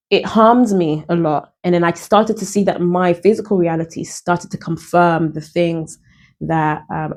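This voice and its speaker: In a lowish, slightly mellow voice, a woman who sings and vlogs works through her experiences aloud. The monologue is casual and reflective, earnest and spiritually searching, with phrases frequently repeated and restarted.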